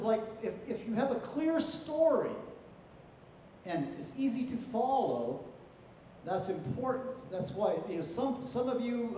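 A man judging a contest, giving spoken feedback to students in a halting way, with many "you know" and "okay?" checks. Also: high-pitched, warm tone, a little hiss or hum. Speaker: contest judge. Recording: echoey hall, far from the mic.

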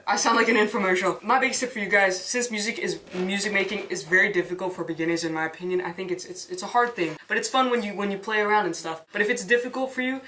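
Fast-talking young woman, casual tutorial. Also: mid-range voice, bright, forceful tone. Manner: chatty, self-mocking asides. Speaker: filmmaker and channel host.

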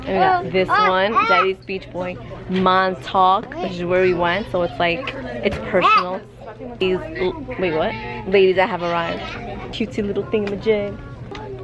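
A woman's voice: on the low side, moderate pace, over music. A woman vlogging while shopping in a store, chatty and giggly, teasing her partner. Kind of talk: casual vlog chat.

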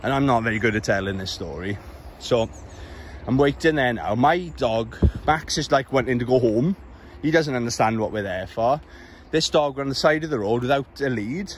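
A man's voice: medium pitch, moderate pace, slight background noise. Exasperated Welsh man rambling on a walk. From Wales. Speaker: vlogger. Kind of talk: casual storytelling while walking. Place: outdoors on suburban streets. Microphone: handheld camera while walking.

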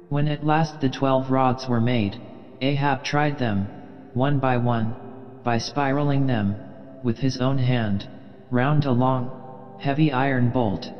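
Slow, measured male audiobook narrator. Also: medium pitch, steady tone, in a large hall, muffled recording, faint music behind. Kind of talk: scripted narration of a classic novel.

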